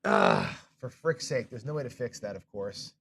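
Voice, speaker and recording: A man's voice: mid-range voice, a little fast, a little mellow, husky. A man hosting a live craps stream in casual chat, frustrated and self-deprecating, swearing and scolding himself over his mistakes. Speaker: craps show host.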